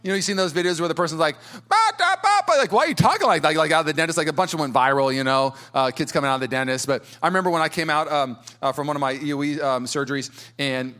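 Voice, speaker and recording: Energetic casual male pastor. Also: fairly high pitch, racing, hardly any pauses, clear, resonant tone. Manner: energetic, casual, many restarts and stammers. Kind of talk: sermon.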